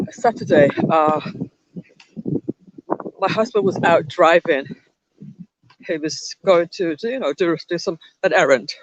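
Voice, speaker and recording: A livestream host with a fairly low voice chats while walking through a park outdoors, telling a rambling story and restarting her sentences often. The recording is dry and the audio sounds dull.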